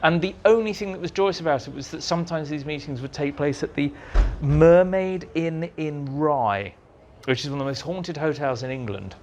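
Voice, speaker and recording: Man, writer at a fan club interview, storytelling, slightly high voice, faint room hiss. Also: normal speed. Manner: animated storyteller, mimics people in squeaky high voices. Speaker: writer and guest at a fan society. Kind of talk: anecdotal interview chat. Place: room at a fan society meeting.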